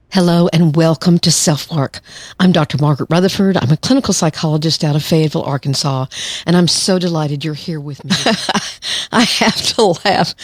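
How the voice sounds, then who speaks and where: A woman in her sixties from the United States, a clinical psychologist who hosts a podcast, talks in a chatty monologue punctuated by light laughs. Her voice sits low, and the studio-quality recording has no room sound.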